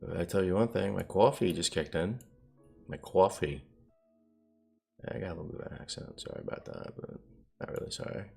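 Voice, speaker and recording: A man's voice: deep voice, fast, gravelly, darkish tone, soft background music. A man streaming his day trading live, talking casually to viewers and muttering to himself as he reads the charts. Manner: rambling, self-talking, mutters at the screen.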